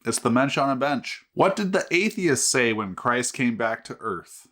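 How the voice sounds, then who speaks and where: A man hosting a casual beer review vlog who tells jokes in a deadpan way and swears freely. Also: mid-range voice, normal speed. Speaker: host.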